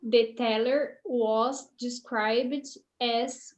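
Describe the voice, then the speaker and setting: A woman's voice: a little high, steady tone, drawn-out words, low-quality recording. A Brazilian woman in her thirties with a Portuguese accent, a Portuguese native speaker, reading aloud hesitantly in an English lesson and sounding out hard words. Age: 30s. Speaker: English student.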